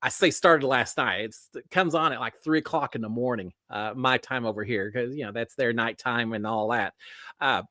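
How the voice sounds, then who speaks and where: A man's voice: medium pitch, normal speed, sharp tone, no echo, studio quality. A man hosting a casual livestream, greeting viewers by name in a folksy way with lots of fillers. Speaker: livestream host.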